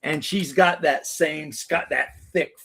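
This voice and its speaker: A man's voice: on the high side, slow pace, creaky, pushed and bright, slightly rough. A man co-hosting a casual chat, rambling and joking with lots of mild swearing. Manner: rambling, joking, says frickin' a lot. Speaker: podcast co-host.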